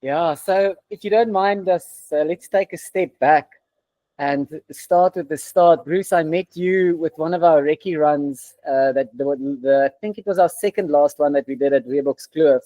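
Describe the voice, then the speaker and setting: A man interviewing runners for a race event, relaxed and full of fillers. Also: on the high side, a little slow, dry recording. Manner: relaxed, hesitant with many fillers. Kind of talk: casual interview. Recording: dull lo-fi sound.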